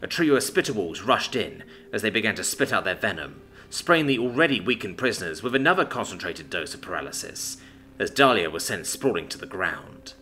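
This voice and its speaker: A man giving a scripted, expressive dramatic reading of a fantasy story. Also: fairly low pitch, brisk. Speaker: story narrator. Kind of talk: scripted narration.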